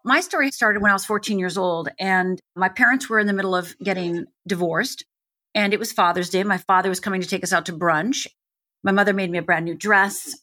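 Bright, intense woman telling her story. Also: medium pitch. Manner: vivid, intense, builds to emphatic peaks. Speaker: guest life coach. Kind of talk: candid personal storytelling.

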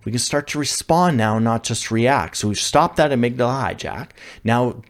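A male leadership coach giving an instructional talk, conversational with frequent fillers and self-corrections. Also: medium pitch.

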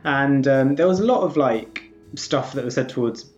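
A man's voice: mid-range voice, expressive, moderate pace, a little mellow, faint music behind. A man in casual podcast chat, rambling with many fillers. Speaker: podcast co-host. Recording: slightly dull, lo-fi sound.

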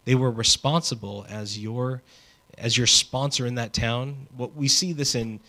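A man preaching a sermon in a conversational, animated way, with casual asides. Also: mid-range voice, a little slow. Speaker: pastor.

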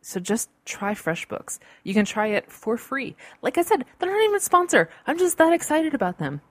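A woman's voice: high-pitched, sing-song, moderate pace, no echo. A woman hosting her own podcast in a bubbly, chatty way, with playful asides, recorded at home on a computer. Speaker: podcast host. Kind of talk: casual solo podcast talk. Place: home in a large city. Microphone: computer-recorded podcast mic.

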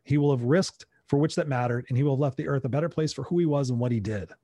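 A man's voice: medium pitch, fast, warm tone, no room sound, studio quality. A middle-aged American man telling a personal story in conversation, animatedly acting out his own past dialogue. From United States. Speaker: interview guest.

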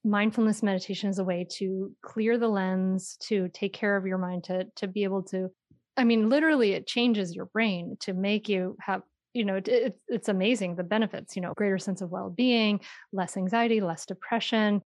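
A woman who teaches mindful parenting, talking in a quick, expressive way and laughing often as she explains. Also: medium pitch, no echo, studio quality. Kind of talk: animated conversational explaining.

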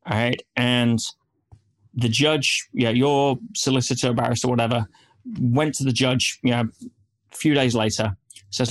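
A man's voice: mid-range voice, steady tone, normal speed. A man speaking as an interview guest, telling stories animatedly and dropping in frequent "yeah"s and "you know"s. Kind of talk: interview storytelling.

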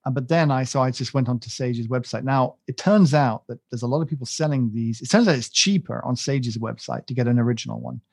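A man rambles through a casual podcast chat, self-mocking and full of restarts. His voice has a gravelly texture. The sound is dry and close, with no room around it. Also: medium pitch, a little fast, hardly any pauses, no room sound. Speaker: podcast co-host.

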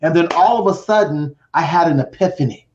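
A man's voice: a little high, brisk, a little mellow. A middle-aged man telling his personal story with drama as a podcast guest, acting out voices and counting down. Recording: roomy, dull lo-fi sound.

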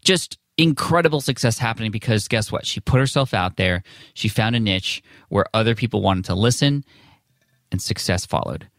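A man's voice: on the low side, moderate pace, fairly bright tone, no room sound. Enthusiastic guy hosting his podcast, chatty and upbeat, dry close mic. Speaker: podcast host. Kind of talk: casual podcast intro and ad read.

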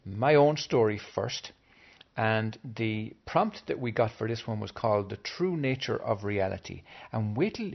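A man hosting a storytelling show who reads his own short story aloud with dramatic, expressive delivery. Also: lowish voice, vocal fry. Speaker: storytelling podcast host. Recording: dull lo-fi recording.

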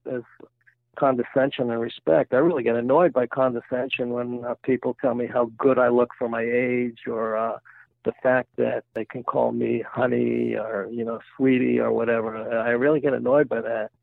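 A man's voice: medium pitch, level tone, normal speed, gravelly, no echo. An older retired man telling jokes and stories in a chatty interview. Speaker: guest, retired volunteer museum-ship guide. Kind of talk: casual interview storytelling. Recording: tinny phone-like line, dry.

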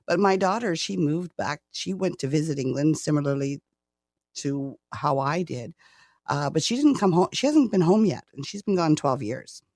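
A woman in her sixties with a Canadian accent talks in a chatty, self-deprecating way, laughing often. Her voice has a gravelly edge. The recording is dry and close. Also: low voice, lively intonation, normal speed, darkish tone, dry recording. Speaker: guest. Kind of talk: casual interview chat.

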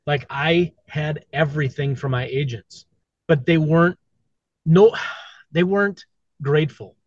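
A man's voice: a little high, measured pace, no room sound. A middle-aged man, a podcast guest, talking candidly and bluntly in casual conversation, swearing and repeating himself. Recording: dull lo-fi sound, dry.

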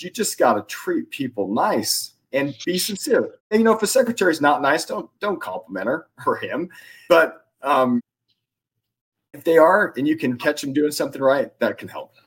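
A man, an influence expert and author, telling animated stories as a podcast interview guest, with frequent restarts. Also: mid-range voice, normal speed, breathy edge.

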